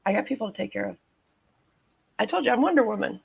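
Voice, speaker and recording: A woman in her fifties, a nurse telling her own story as a guest in an interview, halting with frequent restarts and fillers. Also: mid-range voice, expressive, creaky, husky. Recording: dull lo-fi audio.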